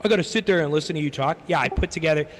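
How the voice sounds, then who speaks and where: A young man on his stream talks casually, rambling through a story while cursing freely and imitating what other people said. He speaks rapid-fire in a highish voice, with long reverb and faint background noise around him.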